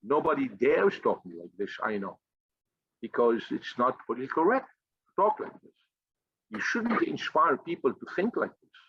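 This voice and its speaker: Husky, blunt man ranting profanely. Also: medium pitch, very animated, moderate pace, a bit bright, no echo. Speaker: finance group leader. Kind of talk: impassioned motivational monologue. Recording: dull, slightly lo-fi dry recording.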